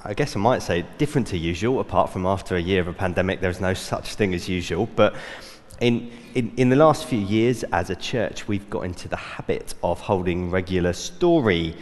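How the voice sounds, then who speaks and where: A man's voice: low-pitched, normal speed, in a large hall. A man preaching a sermon as a church elder, speaking earnestly with hesitant fillers and restarts.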